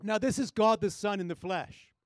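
A man preaching a sermon as a pastor, reading scripture aloud and acting out the quoted lines with shifting pitch and pace. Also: normal speed, no echo.

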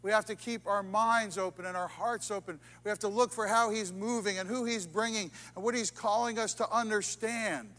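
Male preacher, high voice, dynamic sermon delivery from loud build-ups to near-hushed lines, long church reverb. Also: steady tone, moderate pace, hardly any pauses. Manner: dynamic, swings from soaring emphasis to hushed intimacy. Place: church sanctuary.

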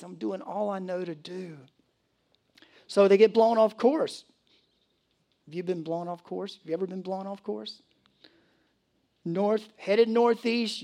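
Animated male pastor preaching. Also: sits high, vocal fry. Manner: animated storytelling with laughs and acted asides. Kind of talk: sermon. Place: church.

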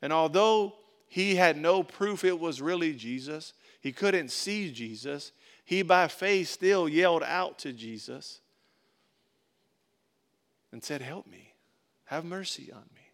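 Animated preaching man, bursts then hush. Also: fairly high pitch, slow pace. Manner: conversational preaching, rising to emphatic bursts then dropping soft. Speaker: pastor. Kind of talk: sermon.

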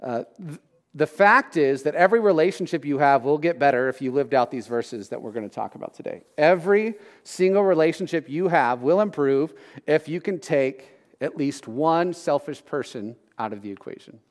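A man's voice: on the high side, expressive, moderate pace, in a large hall. A man in his thirties preaching a sermon in a conversational, joking way, often asking his listeners questions. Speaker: pastor.

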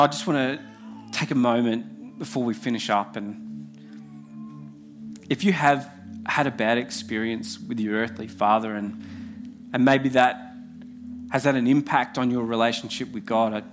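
A young man preaching a heartfelt sermon with repeated phrases, soft music behind. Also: mid-range voice, fairly even intonation, moderate pace, pauses often.

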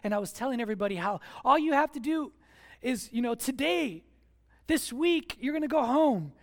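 A man preaching a sermon as pastor, moving between quiet asides and raised, animated exhortation. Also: very high-pitched, moderate pace. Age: adult with children at home.

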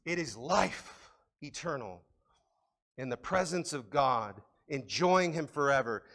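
A pastor preaches a sermon in a conversational, animated way, speaking slowly at medium pitch and often restarting his phrases.

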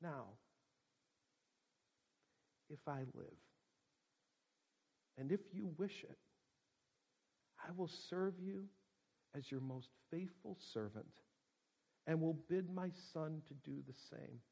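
A man voicing a wounded bearded man who speaks in a weak, quiet voice and begs forgiveness. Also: a little high, animated, moderate pace. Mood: pleading. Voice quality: weak, soft voice.

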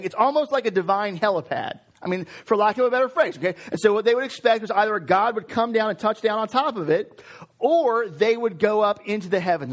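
A man with a fairly high voice teaches a casual Bible lesson. He talks in a loose, chatty way, drops in jokes, and keeps checking in with his listeners. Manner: conversational, jokey, lots of "okay?" and "like".

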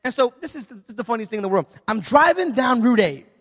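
High-voiced preacher telling funny stories. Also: male voice, fast. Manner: animated, humorous storytelling that swells into shouting. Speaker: pastor. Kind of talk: sermon. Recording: reverberant hall.

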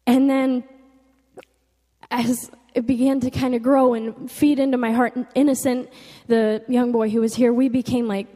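A young woman with a fairly high voice gives a heartfelt personal testimony. She talks earnestly and emotionally, leaning on "like" as she goes. Her voice rings out with a long hall reverb. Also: flat delivery, measured pace, dark tone. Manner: earnest and emotional, with frequent "like" fillers. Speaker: speaker giving a testimony.

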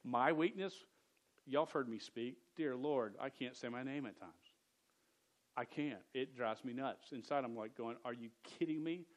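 A man's voice: mid-range voice, measured pace. Man, preacher, sermon, stutter, repeated words, mid-range voice, earnest direct address. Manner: earnest, speaks directly to a young audience.

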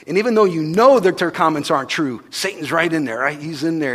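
Male pastor, higher-pitched, animated sermon storyteller, long hall reverb. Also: fairly quick, hardly any pauses. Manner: animated storytelling, swinging from hushed to loud, acting out voices. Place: church hall.

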